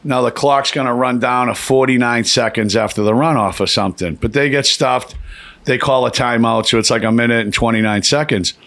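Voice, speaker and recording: A man tells a rambling story in casual chat. He swears freely and jumps up in pitch whenever he acts out what someone said. His voice sits at an ordinary middle pitch. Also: brisk. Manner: animated, profane, acts out quotes with raised pitch.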